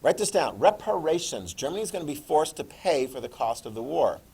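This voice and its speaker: A middle-aged man giving a classroom history lecture in a jokey, animated way, acting out quick voices. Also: on the high side, slightly rough. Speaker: history teacher.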